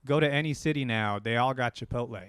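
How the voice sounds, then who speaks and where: A man's voice: mid-range voice, fast talker, clear, resonant tone, dry recording. Opinionated man in dry casual chat. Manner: animated, opinionated, swears casually. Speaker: podcast co-host.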